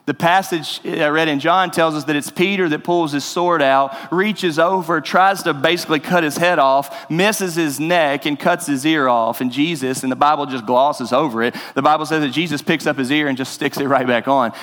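Male pastor, earnest preaching voice, fairly high, in a long-reverb hall. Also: moderate pace, fairly bright tone. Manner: earnest, conversational, rising to emphasis. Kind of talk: sermon.

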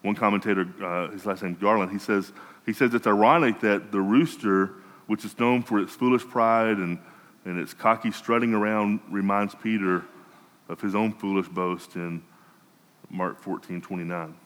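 A man's voice: lowish voice, fairly even intonation, moderate pace, fairly bright tone, in a large hall, poor audio. A man preaching a sermon in a conversational way, often restarting and repeating words. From United States.

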